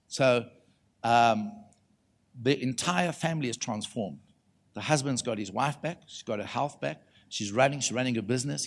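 A middle-aged man with a South African accent, preaching a sermon as a lively story and acting out the voices of the people in it. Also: medium pitch. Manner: animated, acts out the voices in his stories.

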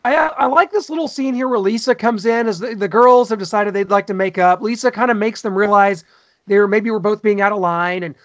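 Male co-host, high-pitched, enthusiastic and gushing, casual podcast chat. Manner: enthusiastic, gushing, frequent fillers. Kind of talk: casual chat reviewing an old sitcom.

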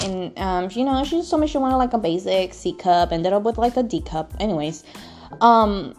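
A woman's voice: mid-range voice, expressive, normal speed, darkish tone, soft background music. A young woman vlogging, telling a personal story in a candid, rambling way with frequent swearing. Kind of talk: casual storytelling.

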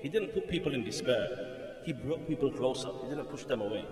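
A man's voice: mid-range voice, expressive, fairly quick, darkish tone. A man, a mufti giving a storytelling lecture in a mosque, who chants the call to prayer melodically. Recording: echoey hall, voice from far off.

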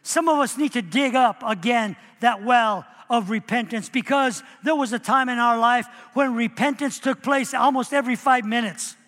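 Pastor man preaching, pretty high voice, lots of church hall echo, acts out the quotes. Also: normal speed, few pauses, fairly bright tone. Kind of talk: sermon. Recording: long hall reverb.

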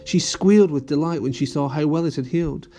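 Brief: gentle male reader of a children's storybook, warm tone, faint music bed. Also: brisk. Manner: gentle, switches to high voices for characters. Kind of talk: reading a children's story aloud.

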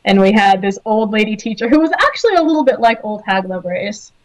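A woman co-hosting a casual fan chat, animated and blunt. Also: medium pitch, fast talker. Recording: dull lo-fi audio.

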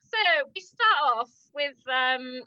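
Bright, animated northern English woman. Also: high-pitched, slow, dry recording, muffled recording. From northern England. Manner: animated, laughing often, acting out quotes. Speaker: podcast co-host. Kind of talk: casual chat recapping a TV drama.

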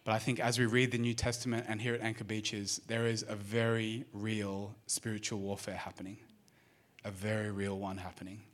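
A man with an Australian accent preaching a sermon, speaking straight to the congregation with lively questions. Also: on the low side, moderate pace. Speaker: pastor. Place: church service.

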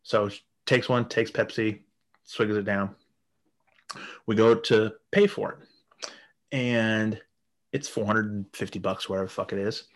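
Man, 30s, lowish voice, rambling crude storyteller, casual podcast chat. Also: fairly even intonation, a little slow, pauses often. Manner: crude, rambling, swears often. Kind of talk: casual anecdote.

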